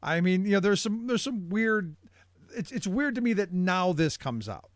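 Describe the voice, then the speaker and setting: A man's voice: high voice, animated, normal speed, dry recording, studio quality. A man hosting a radio talk show, chatting about politics in a questioning, conversational way with hesitant fillers.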